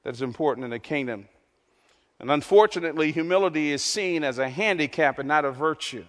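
A man preaching a sermon in a church, emphatic and repetitive, swinging between loud, lifted lines and hushed ones. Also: a little high, fairly quick. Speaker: pastor. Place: large church hall. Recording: long reverb of a large hall.

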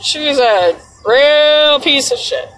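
A woman's voice: high-pitched, lively intonation, slow, fairly bright tone, soft background music. A young woman chatting casually, rambling through stories with frequent laughs and swearing. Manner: laughs often, swears, loose rambling storytelling. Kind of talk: casual chat. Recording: distant mic with faint noise.

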